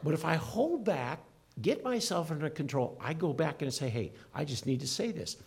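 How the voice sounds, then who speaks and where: A man's voice: on the high side, animated, normal speed, gravelly. A middle-aged man preaching a sermon as a pastor, earnest and emphatic, swinging his voice up and down for emphasis. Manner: earnest, emphatic preaching with rising and falling delivery.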